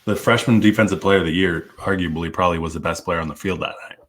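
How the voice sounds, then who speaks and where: Man, low voice, sports podcast co-host, casual, laughs easily. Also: steady tone, quick pace, fairly bright tone. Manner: laid-back, laughs often, talks in restarts. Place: studio, live stream.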